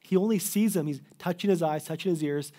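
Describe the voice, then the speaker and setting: A man's voice: a little high, brisk, mellow. A man preaching a sermon as a pastor, earnest and pleading, often restarting mid-phrase. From Canada.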